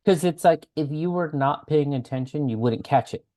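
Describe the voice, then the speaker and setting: A man with a somewhat high, mellow voice co-hosts a casual podcast recapping a TV show, speaking at a moderate pace. He's expressive, swears freely, and laughs while acting out quotes.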